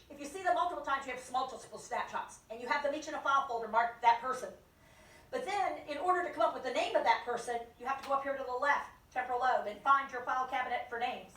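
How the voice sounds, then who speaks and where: A woman leading a lively dementia care training for a live audience, acting out inner voices and joking with the crowd. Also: high-pitched, recorded from a distance. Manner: animated, acts out inner voices and jokes with the audience. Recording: echoey room, voice from off the mic.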